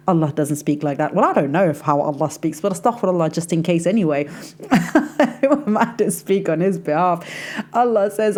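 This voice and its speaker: A woman with a slightly low voice talks in a casual, confiding way, hosting her faith podcast. She chats to the listener like a close friend, with lots of easy fillers. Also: fairly quick, dark tone. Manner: chatty and confiding, addresses listener as sis, frequent "like". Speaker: podcast host and life coach.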